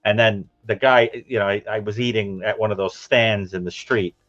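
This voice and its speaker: A man's voice: fairly low pitch, fairly even intonation, moderate pace, fairly bright tone, lo-fi sound. A man from Brooklyn with a New York accent, hosting a live stream and telling stories with jokes. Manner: joking, storytelling. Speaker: host. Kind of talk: casual chat.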